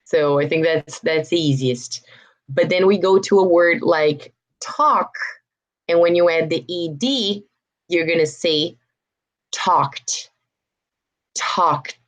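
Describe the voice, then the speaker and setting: A young woman with a Brazilian Portuguese accent teaches English pronunciation at an unhurried pace. Her voice sits a little low, and she patiently repeats each word so learners can copy it. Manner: patient, repeats words slowly for practice. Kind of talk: online pronunciation lesson.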